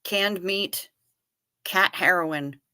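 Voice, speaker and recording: Bright-voiced, wry woman chatting on a livestream. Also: fairly low pitch, drawn-out words, clean tone. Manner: chatty and wry, casually profane. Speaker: livestream host reading viewer chat. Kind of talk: casual chat.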